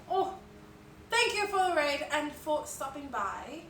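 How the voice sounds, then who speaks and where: A woman's voice: high-pitched, expressive, takes it slowly, long pauses, pushed and bright, distant mic, a little hiss or hum. A young woman chatting casually on a live stream, rambling and giggling with lots of filler words. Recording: roomy, off-mic, music behind.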